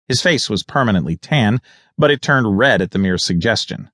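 A man's voice: fairly low pitch, expressive, moderate pace, a bit bright, no echo, clean studio sound. A man narrating a thriller audiobook in the first person, with a wry, sardonic manner.

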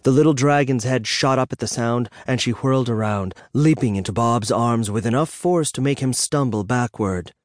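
A man narrating a fantasy audiobook in a measured, even storytelling manner in a studio. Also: mid-range voice, dry recording.

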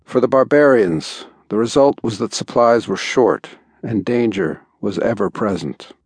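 A man narrating an audiobook in an even, understated way, recorded in a studio. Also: lowish voice, a little slow, husky, no echo. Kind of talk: scripted narration.

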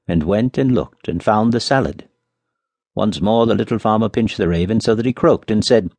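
Guy reading a fairy tale audiobook, low voice, lively, very dry close sound. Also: normal speed, husky, no room sound. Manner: expressive storytelling. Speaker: audiobook narrator. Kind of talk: scripted fairy-tale narration.

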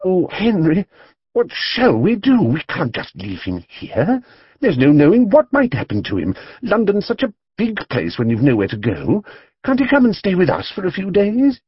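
A man doing a kind middle-aged mother in a storybook, eager and pleading but firm when it matters. The voice sits well above his own, husky and very lively. The recording is dull and dry. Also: high-pitched, moderate pace, dry recording, pitched above the performer's own voice, full character voice. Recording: dull, dry studio audiobook read.

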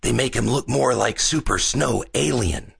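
A man voicing a smug, bossy boy bully in a children's audiobook, with a slow, sneering, boastful delivery. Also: medium pitch, vocal fry, fairly bright tone, breathy edge, no room sound, clean studio sound, exaggerated voice.

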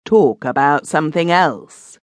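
A stern, blunt gentleman, as a male audiobook narrator puts him on, with curt, forceful replies. The voice is raised in pitch and sounds dry and close. His pitch stays lively. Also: measured pace, no echo, heavily acted. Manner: blunt, fierce.

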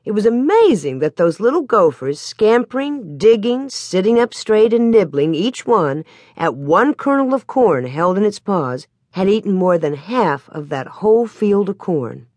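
Woman audiobook narrator, expressive and animated storytelling, close dry read. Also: medium pitch, a little slow, dry recording. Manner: expressive storytelling, lively cadence. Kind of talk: scripted narration.

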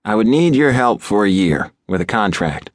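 An earnest, careful young city businessman, put on by a male audiobook narrator. He speaks with a slightly raised, hopeful lift over a low, dry voice, choosing each word cautiously. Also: big pitch swings, moderate pace, no echo. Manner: earnest, hesitant.

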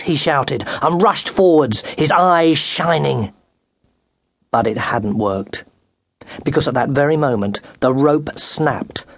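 A man narrating a children's storybook with animated, dramatic delivery that rises and quickens with the action, recorded close in a studio. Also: on the high side, dry recording. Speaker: audiobook narrator. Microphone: close studio microphone.

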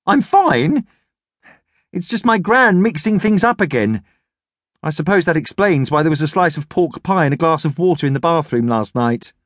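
A man's voice: fairly high pitch, sing-song, normal speed, no echo, pitched above the performer's own voice. This is an eager, imaginative young boy, voiced by a man. He chatters earnestly in a lifted voice that moves up and down a lot. The studio sound is dry.

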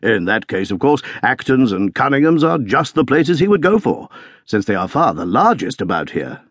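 Man voicing an older colonel, hearty, genial, matter-of-fact, husky tone, dry recording. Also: mid-range voice, big pitch swings, moderate pace, dry recording, pitched above the performer's own voice.

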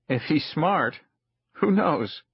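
A man voicing a blunt, dismissive male aide to a spy chief, in a husky voice. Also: a little high, animated, slow, dull audio, exaggerated voice.

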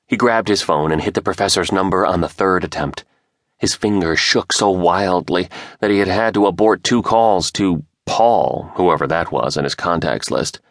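A man narrating a thriller audiobook with expressive, dramatic storytelling. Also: sits low, moderate pace, dry recording, studio quality.

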